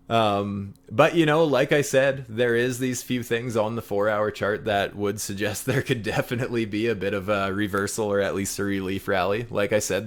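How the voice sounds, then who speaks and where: Host, male, low voice, easygoing chart chat with lots of ums and laughs. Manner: relaxed, laughs often, many fillers. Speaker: livestream host. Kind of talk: casual trading chat.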